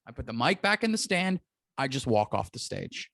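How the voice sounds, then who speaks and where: A man's voice: medium pitch, sing-song, normal speed, fairly bright tone, no echo, studio quality. A man telling a story in a casual podcast chat, acting out the people he quotes. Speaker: comedian guest.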